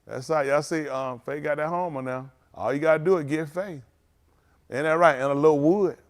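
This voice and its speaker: A man pastor who jokes and banters with his livestream viewers by name, then teaches in an earnest, halting way. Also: fairly high pitch. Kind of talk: livestream greeting and sermon.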